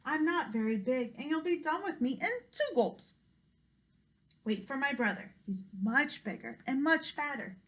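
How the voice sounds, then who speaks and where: A woman's voice: animated, a little slow, fairly bright tone. A woman voicing a frightened young male goat who stammers and pleads. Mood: scared. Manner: stammering, high and timid.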